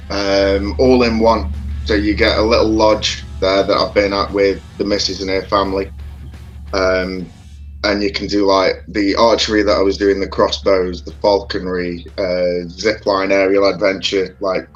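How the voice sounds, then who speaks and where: A man's voice: deep voice, highs cut off. A man co-hosting a casual livestream chat, rambling through stories and greeting viewers.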